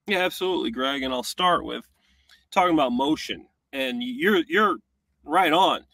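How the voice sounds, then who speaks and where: A man co-hosting a football tape breakdown, talking casually and acting out plays in quick quoted voices. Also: medium pitch, gravelly, pushed and bright, no room sound. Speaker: co-host, former tight end.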